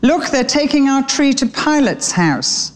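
A woman voicing a young, anxious male sparrow in a storybook read aloud during a sermon, speaking in a high, pleading way. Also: big pitch swings, measured pace. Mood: eager.

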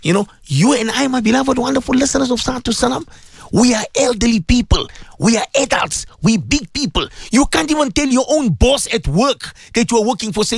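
A man's voice: very high-pitched, animated, fairly quick, gravelly, breathy edge, dry recording, studio quality. A man preaching on the radio, impassioned and pleading, repeating his points. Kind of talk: radio sermon.

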